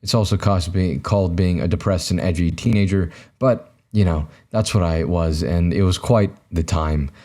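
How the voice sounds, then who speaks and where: Young male podcast host, deep and mellow, self-deprecating ramble to camera. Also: normal speed, hardly any pauses. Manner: self-mocking, rambling with many fillers and restarts. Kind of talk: solo comedic monologue to camera. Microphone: camera mic, recording himself.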